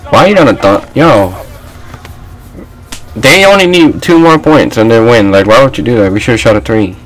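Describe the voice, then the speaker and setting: Excitable young man yelling over gameplay. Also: medium pitch, normal speed, faint music behind, poor audio. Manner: excitable, trash-talking, yelling at teammates. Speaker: gaming channel host. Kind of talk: live gameplay commentary.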